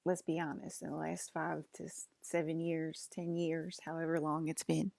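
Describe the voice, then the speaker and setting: Low, gravelly woman rambling to camera. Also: monotone, moderate pace, few pauses, no echo, studio quality. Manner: meandering, full of "um" and "like", soft-spoken. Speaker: vlogger. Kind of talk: rambling personal monologue.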